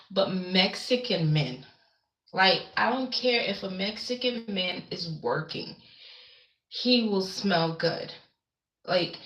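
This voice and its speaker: Slow-talking chatty woman streaming from home. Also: medium pitch, fairly bright tone, roomy sound, rough recording. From the Caribbean islands. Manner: rambling, chatty, reacts to viewer comments. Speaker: livestream host. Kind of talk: casual livestream chat. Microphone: webcam.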